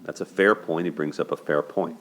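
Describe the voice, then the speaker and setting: A man's voice: deep voice, fairly even intonation, fairly quick, fairly bright tone. A man hosting a show, casually breaking down a movie's romance in a chatty way, often checking in with "right?" and laughing. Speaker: host of a dating and movie commentary show.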